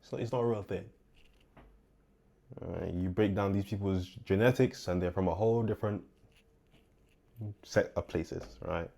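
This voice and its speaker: A man's voice: low-pitched, normal speed, gravelly, long pauses, mellow. A man from England hosting a reaction show, giving casual, thoughtful commentary with hesitant restarts.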